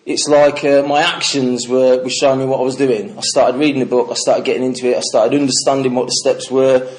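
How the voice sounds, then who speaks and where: A man's voice: medium pitch, darkish tone. A middle-aged man from the English Midlands giving a candid personal recovery talk to a meeting, swearing freely and telling stories with laughter. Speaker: recovery speaker.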